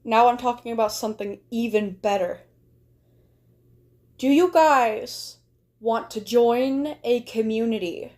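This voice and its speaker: A woman talks casually to her livestream viewers in a slightly higher-than-average voice. She rambles from thought to thought and peppers her sentences with "like". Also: a little mellow. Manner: rambling, chatty, heavy use of "like".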